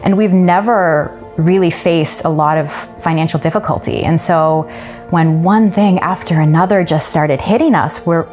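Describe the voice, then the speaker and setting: Woman in her thirties, lowish voice, earnest church testimony over faint music. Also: normal speed, darkish tone. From Canada. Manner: earnest, emotional storytelling. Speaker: church member giving a testimony. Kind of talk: personal testimony.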